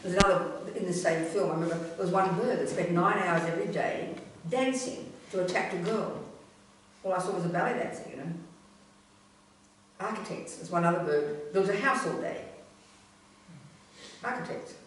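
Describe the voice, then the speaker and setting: Nun giving a dharma talk, blunt and emphatic, really echoey room, mic sits far off, bit of background hiss. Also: female voice, fairly low pitch, moderate pace, long pauses. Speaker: Buddhist nun teacher. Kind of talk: Buddhist teaching talk. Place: teaching hall at a Buddhist centre.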